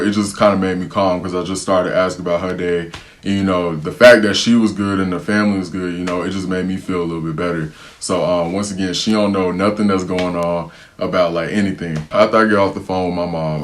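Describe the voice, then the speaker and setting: A young man telling a story to camera in a casual, slangy, animated way, acting out what people said. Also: low-pitched. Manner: animated, slangy storytelling, repeatedly saying "bro", acting out quotes.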